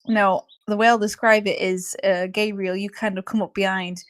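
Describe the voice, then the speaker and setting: A woman's voice: medium pitch, flat delivery, moderate pace. Woman, game master, casual rules-explaining narration, lots of "kind of" and "uh". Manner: hesitant, filler-heavy, explaining rules.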